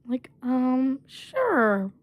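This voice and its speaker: Slow, halting woman telling a story. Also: high voice, big pitch swings, no room sound. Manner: halting, full of fillers like "basically" and "um". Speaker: storyteller vlogger. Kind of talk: casual storytime.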